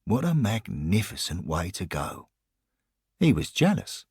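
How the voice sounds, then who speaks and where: A male narrator reads an audio story in a wry, expressive manner. His voice is low and husky, and he takes his time over each line. The recording is dry and close. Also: a little slow, no room sound.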